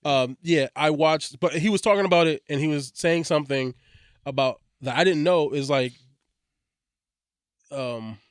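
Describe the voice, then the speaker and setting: A man with a slightly raised pitch talks loosely on a podcast, circling back and restarting his thoughts, swearing as he goes. His voice is close and dry, with no room sound around it. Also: unhurried, long pauses, smooth, dry recording. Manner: rambling, frequent restarts, heavy swearing. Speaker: podcast co-host. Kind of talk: casual podcast chat.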